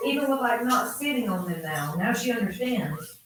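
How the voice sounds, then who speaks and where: A young woman, tired from being up all night, talking softly and coaxing her dog while giving casual running commentary at home. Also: on the high side, animated, moderate pace, a little hiss or hum. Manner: soft, coaxing talk to the dog. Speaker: pet rescuer filming her dog giving birth. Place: room at home with whelping dog. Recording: roomy, distant home recording.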